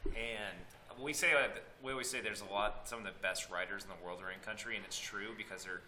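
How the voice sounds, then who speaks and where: A man in a band, guest on a podcast, talking casually and haltingly, repeating words as he searches. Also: on the low side, steady tone, pushed and bright. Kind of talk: casual interview chat. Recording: roomy with faint noise.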